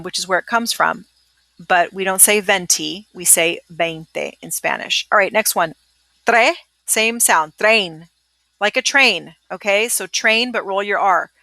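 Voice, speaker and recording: Bright, brisk woman teaching Spanish numbers. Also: medium pitch, dry recording. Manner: upbeat, brisk, keeps checking in with "okay?". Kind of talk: screencast pronunciation lesson. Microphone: computer mic, screencast.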